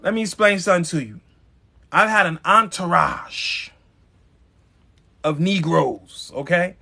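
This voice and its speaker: A man's voice: sits high, a little slow, gravelly, sharp tone. A man hosting a live stream, giving a blunt, emphatic motivational talk straight to his viewers, with some profanity. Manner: addresses viewers directly.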